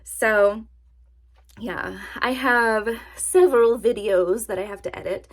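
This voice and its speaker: A woman chatting casually to her camera in a vlog, animated and self-mocking, laughing at her own jokes. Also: mid-range voice, slow pace. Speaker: vlogger. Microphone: camera-mounted or nearby mic, sitting to film.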